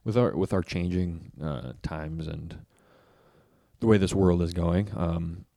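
A man's voice: low-pitched, takes it slowly, gravelly, mellow, no echo, studio quality. A man co-hosting a podcast who chimes in with agreement and puts questions to the group in a casual faith discussion. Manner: affirming, asks the group questions. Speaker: podcast co-host.

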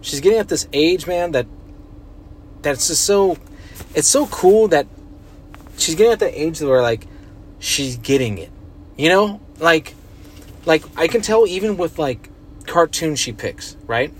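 A young man hosts a casual solo podcast, wandering from thought to thought with plenty of fillers and swearing. His voice sits a little high for a man. A faint background hum runs underneath. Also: animated, measured pace, pauses often. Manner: rambling, profane, heavy use of filler words. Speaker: podcast host.

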